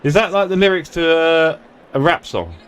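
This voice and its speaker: A man's voice: fairly high pitch, big pitch swings, normal speed, fairly bright tone, smooth. A man chatting casually and joking at his own expense while live-streaming a sim race. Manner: chatty, joking, self-deprecating. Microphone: desktop streaming mic.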